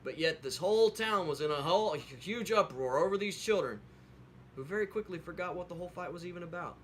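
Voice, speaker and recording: Slightly high-voiced man, folksy rambling devotional storyteller. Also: lively intonation, fast, a bit bright, slight background noise. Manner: folksy, rambling, with many fillers and restarts; earnest preaching in closing. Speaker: video host telling a devotional story. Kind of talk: casual storytelling with a sermon close.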